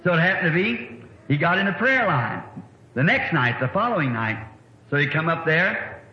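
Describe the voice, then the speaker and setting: A middle-aged man with a drawl delivers a rambling, folksy sermon story in a slightly high voice. The recording sounds old and dull, carrying a hall-like echo and a faint hiss behind him. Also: very animated, moderate pace. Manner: folksy, rambling anecdotal preaching. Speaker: preacher.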